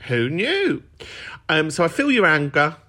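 Chatty man with a lively voice. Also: a little high, unhurried. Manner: chatty, camp and jokey, with big laughs. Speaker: podcast host. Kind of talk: casual chat.

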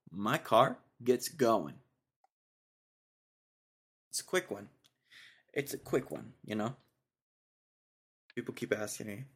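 Young male podcast host, casual rambling solo talk, easygoing. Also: mid-range voice. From Texas. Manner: rambling, laid-back, says dude a lot.

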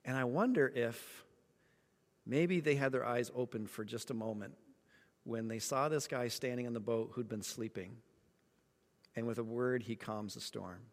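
A man preaching a sermon, telling a story with lively acted-out moments. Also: medium pitch, moderate pace, big-room sound. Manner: animated storytelling, acts out voices. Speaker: pastor.

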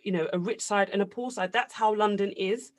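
A man with a notably high voice, talking politics in a loose chat. He jumps in often and hammers his points by repeating words. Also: steady tone, fairly quick. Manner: emphatic, interrupts, repeats words for stress. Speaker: podcast co-host. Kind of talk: casual political debate.

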